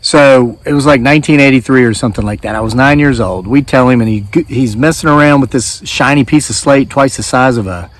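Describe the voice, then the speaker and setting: A man in his forties with an Appalachian American accent, telling a story in a casual, animated way. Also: medium pitch, a little fast, hardly any pauses. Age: 40s. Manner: animated, acts out voices in quotes. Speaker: homesteading vlogger.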